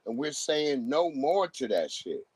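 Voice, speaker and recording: A man's voice: mid-range voice, big pitch swings, unhurried, a little mellow, breathy edge, no room sound. A man hosting a livestream who talks in casual, profane commentary and acts out the voices of people he quotes. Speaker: livestream host.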